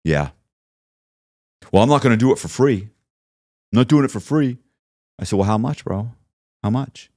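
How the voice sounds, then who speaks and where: A man's voice: mid-range voice, lively intonation, moderate pace, pauses often, a little mellow, no room sound, studio quality. A man telling a story in a casual interview, acting out both sides of the conversations he recounts. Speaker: podcast guest telling his story.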